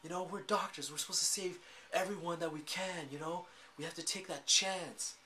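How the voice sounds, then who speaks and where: Brief: man putting on an upset young female doctor, high and sharp, accusing, emotional. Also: fairly even intonation, slow pace, a little hiss or hum. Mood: indignant. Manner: scolding, accusing questions.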